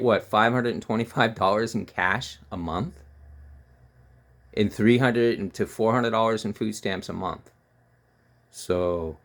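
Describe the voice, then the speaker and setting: A man's voice: mid-range voice, creaky. A man giving heated, scornful political commentary, ranting and repeating himself.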